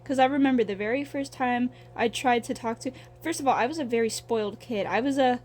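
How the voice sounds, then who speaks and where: A young woman with a voice pitched a little high, rambling through a casual monologue as she draws. She swears freely and pokes fun at herself, over a faint hum in the background. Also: brisk, darkish tone. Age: young adult. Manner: rambling, profane, self-deprecating. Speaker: vlogger.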